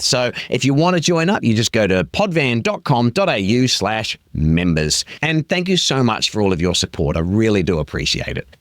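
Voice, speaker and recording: An Australian man hosts a relaxed podcast chat from a small caravan, teasing his guest in a playful way. His voice rises and falls a lot as he talks. The sound is dry and close, with no room echo. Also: medium pitch. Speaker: podcast host. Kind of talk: casual chat.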